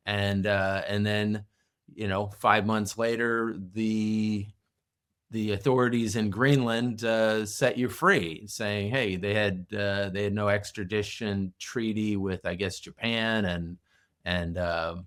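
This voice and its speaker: A male interview host asking questions in a hesitant way, with many pauses and fillers. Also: fairly low pitch, fairly bright tone.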